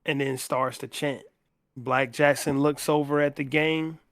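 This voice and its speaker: A man's voice: mid-range voice, fairly even intonation, vocal fry, fairly bright tone. A man hosting a book club podcast, retelling a novel's scenes in a casual, conversational way and reading the characters' lines in his own voice. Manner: slow, conversational retelling with quoted dialogue read in plain voice.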